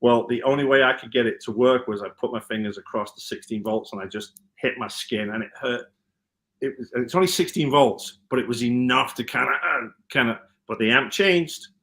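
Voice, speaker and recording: A man from Liverpool with a Scouse accent softened by American, a guitar tech chatting in an interview and telling stories with many ums and restarts. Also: medium pitch, fairly quick. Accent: Liverpool (Scouse), with some American mixed in. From Liverpool, England. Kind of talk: casual interview chat.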